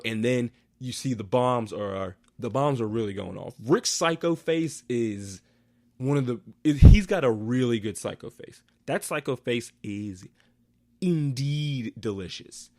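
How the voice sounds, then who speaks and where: A man talking alone into a home podcast mic, recapping a show episode. His voice sits at a middle pitch. He rambles, swears freely and breaks into animated outbursts. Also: unhurried, dry recording, studio quality. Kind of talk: casual solo recap chat.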